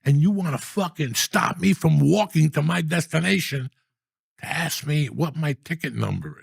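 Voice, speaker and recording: 60s guy, gravelly husky voice, swears a lot, ranting funny stories, dry close sound. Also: on the high side, moderate pace, dry recording. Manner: profane, animated, mock-outraged rants. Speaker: podcast guest storyteller. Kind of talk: casual comedic storytelling.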